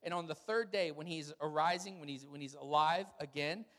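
A man with a fairly high voice delivers a sermon, telling stories with humor and lively animation. His words ring out with a long reverb, as if spoken in a large hall. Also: fairly quick. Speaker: pastor.

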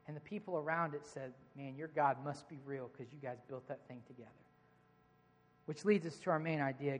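Preacher giving a sermon, chatty and jokey, talks right to the crowd, mid pitch, lots of church hall echo. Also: muffled recording. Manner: conversational and joking, engages the congregation directly. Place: church sanctuary.

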